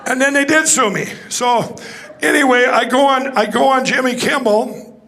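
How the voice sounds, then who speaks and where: A man's voice: very high voice, normal speed, pushed and bright. A man speaking to a conference audience, telling a rambling story with restarts and acting out the dialogue. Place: conference hall stage.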